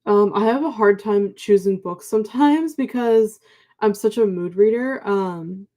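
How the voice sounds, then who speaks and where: Young woman host, mellow sleepy morning voice, chatty filler-heavy livestream talk. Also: mid-range voice, unhurried. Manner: chatty, many ums and likes, warm thanks to viewers. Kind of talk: casual livestream chat reading viewer comments.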